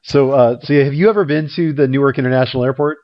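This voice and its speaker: A man's voice: medium pitch, fast talker, lo-fi sound. A man hosting a podcast over a call, telling rambling, self-mocking stories with lots of fillers and restarts. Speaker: podcast host. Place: hotel room in a big city. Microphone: remote call line.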